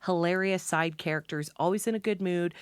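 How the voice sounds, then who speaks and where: Dry, animated woman recapping a book. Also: on the low side, brisk, smooth, no echo. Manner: animated storytelling, swears freely, laughs often. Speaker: podcast co-host. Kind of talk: casual book chat.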